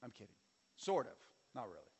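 A man preaching a sermon as pastor, calling on the congregation to repeat after him and swinging between loud and soft. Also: medium pitch, sing-song, a little fast, husky. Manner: preaching with audience call-and-response and sweeping shifts in volume. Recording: long reverb of a large hall.

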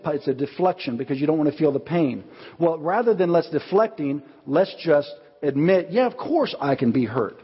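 A man preaching a sermon as pastor, telling stories with lively acted-out quotes. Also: a little high, husky. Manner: animated storytelling, acts out quotes. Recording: dull audio with long hall reverb.

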